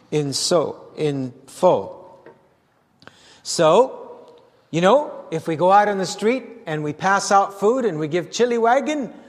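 Animated older man preaching in a hall. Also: sits high. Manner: animated preaching with asides to the congregation. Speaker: pastor. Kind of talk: sermon. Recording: long hall reverb.

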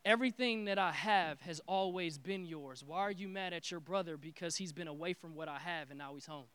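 A man voicing a calm father who speaks softly and reassuringly to his son. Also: a little high, fairly quick, smooth, no room sound, close to an everyday voice. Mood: gentle.

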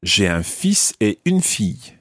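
A man with a very low voice leads a podcast language lesson, his pitch rising and falling in a lively way. He models each word patiently and slowly so the learner can repeat it. The studio sound is dry and close. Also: breathy edge, no room sound. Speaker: language teacher.

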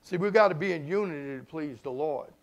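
A man, a pastor preaching a sermon in a conversational way, swinging between loud emphasis and hushed asides. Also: a little high, expressive, a little fast, gravelly. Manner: conversational, informal grammar and repeated phrases.

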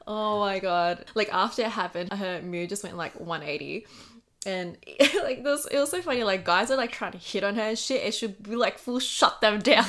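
A young Australian woman co-hosting a podcast, her voice raspy from just waking up, telling a sweary, animated story in casual chat. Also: mid-range voice, moderate pace. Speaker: podcast co-host.

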